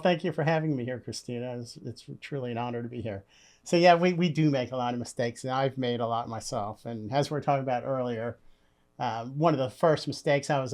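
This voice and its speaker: A man who leads a construction company, a podcast guest telling stories in a friendly, plainspoken way. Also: medium pitch. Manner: friendly, plainspoken, repeats words as he starts. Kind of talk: conversational storytelling.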